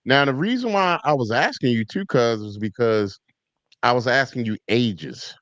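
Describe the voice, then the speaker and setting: Man, interview host with a dry close sound and a relaxed prompting manner. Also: mid-range voice, normal speed, no room sound, muffled recording. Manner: brief affirmations, relaxed questioning. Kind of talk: casual interview.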